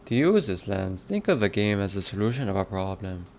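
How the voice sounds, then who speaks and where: A man's voice: on the low side, sing-song, fairly quick, a little mellow, a little hiss or hum. A man reading design prompts aloud in a put-on Irish accent, in a playful, sing-song way.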